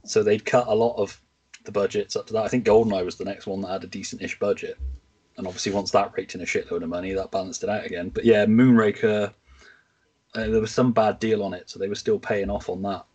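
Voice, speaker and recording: A man's voice: fairly low pitch, steady tone, quick pace, a little mellow, breathy edge. A man in a casual film-review chat, giving background in a matter-of-fact, informative way. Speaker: podcast co-host. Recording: muffled, distant from the mic.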